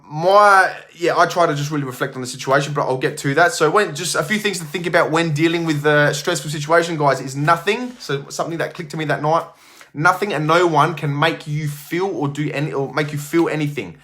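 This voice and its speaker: Rambling gym owner. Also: male voice, on the high side, brisk, sharp tone. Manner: rambling, many fillers and restarts. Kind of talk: casual storytelling to camera.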